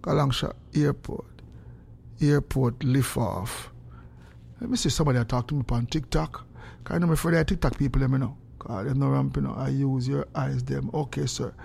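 Gravelly man chatting live. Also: medium pitch, moderate pace, a little hiss or hum. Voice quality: gravelly, animated and excitable. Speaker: social media livestreamer. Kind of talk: casual live chat.

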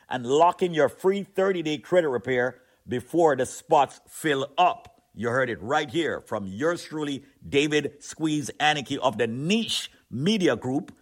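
A man giving a radio ad pitch as a credit repair spokesman, with a punchy salesman delivery.

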